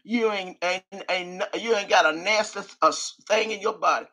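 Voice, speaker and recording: Hosting a live stream, an older woman goes through the chat and then breaks into a furious, profane rant. Her mid-range voice sounds pushed and bright, at a normal speed.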